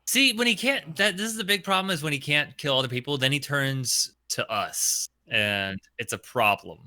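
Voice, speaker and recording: Very bright-toned man on a dry mic. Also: a little high, normal speed, dry recording. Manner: easygoing, laughs along, hesitant fillers. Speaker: podcast co-host. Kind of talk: casual gaming podcast chat.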